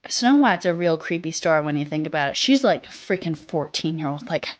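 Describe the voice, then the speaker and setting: Young woman, soft childlike voice, a bit under the weather, casual streamer banter. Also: sits low, lively intonation, a little fast. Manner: reads chat aloud, swears casually, sings snatches. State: a little sick. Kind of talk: casual chat with live chat.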